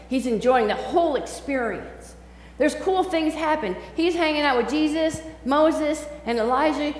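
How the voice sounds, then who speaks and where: A woman pastor preaching a sermon in a conversational, animated storytelling way. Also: high-pitched, roomy sound, long reverb tail, poor audio. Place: church sanctuary.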